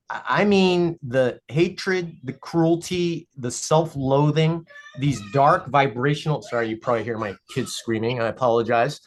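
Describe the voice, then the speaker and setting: Guest cartoonist, animated and emphatic storyteller, mid-range voice, home setting. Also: medium pitch. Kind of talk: casual podcast conversation.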